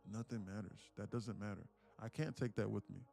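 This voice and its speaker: Gravelly man ranting on a live stream. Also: lowish voice, steady tone, a little fast, dark tone, faint music behind. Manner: profane, ranting and motivational. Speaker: day trading streamer.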